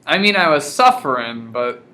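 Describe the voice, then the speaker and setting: Young dude podcast cohost, swears a lot, teases, voice bounces all over. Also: male voice, a little high, big pitch swings, moderate pace, sharp tone. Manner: crude, teasing, swears freely. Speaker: podcast co-host. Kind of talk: casual comedic chat.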